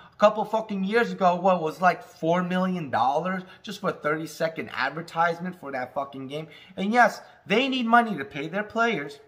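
Swearing, ranting man with a bright voice. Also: sits high. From Alaska. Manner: swears constantly, rants, shouts when heated. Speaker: cannabis vlogger. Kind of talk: casual profane rant. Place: home, indoors.

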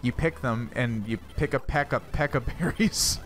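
A man's voice: mid-range voice, moderate pace, slight background noise. A man hosting a let's play, joking, laughing and repeating silly phrases as he plays. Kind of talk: joking game commentary.

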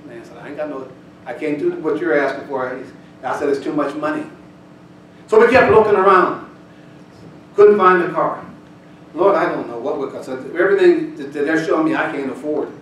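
A man preaching a sermon, telling a folksy personal story before building to loud, shouted scripture reading. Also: on the high side, fairly quick, pauses often, a little hiss or hum. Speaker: pastor. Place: church sanctuary. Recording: echoey church hall, distant mic. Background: congregation responses, room ambience.

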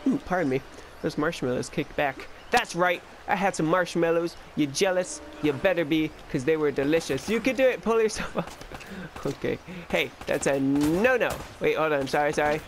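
A man's voice: fairly high pitch, unhurried, a little hiss or hum. A young man giving casual, joking let's-play commentary and chatting to the game character. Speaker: gaming YouTuber.

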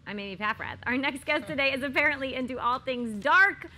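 A woman's voice: high voice, brisk, sharp tone. A woman hosting an entertainment show, introducing the guest in an upbeat presenter style. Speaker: host.

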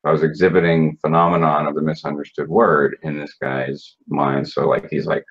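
A man with a low, husky voice recounts his past in a relaxed interview. He talks bluntly, swears freely and trips over restarts and fillers. The recording sounds dull and lo-fi. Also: brisk, few pauses. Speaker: interview guest. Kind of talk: casual recounting of personal story.

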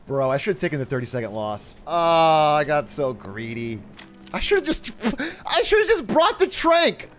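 A man's voice: on the high side, sing-song, measured pace, soft background music. A young man livestreaming a video game speedrun, talking casually, laughing often, swearing, and bursting out in frustration. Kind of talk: live gameplay commentary.

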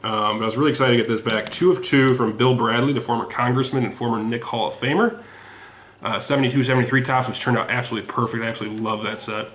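Showing his mailed-back sports autographs in a home video, a man chats loosely and runs himself down, stumbling through many ums and restarts. His throat sounds a bit hoarse and he seems sweaty. He talks fast at a medium pitch in a steady, slightly bright tone, and the echoey room carries faint noise.

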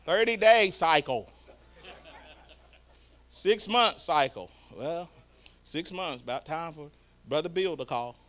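Preacher guy, high bright voice, telling stories super animated. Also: takes it slowly, pauses often. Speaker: pastor. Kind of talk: sermon.

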